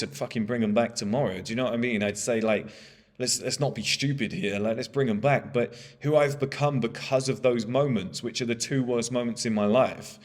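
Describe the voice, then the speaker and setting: A man's voice: mid-range voice, in a large hall. A man in his thirties giving a candid motivational monologue, blunt and swearing freely. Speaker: motivational speaker.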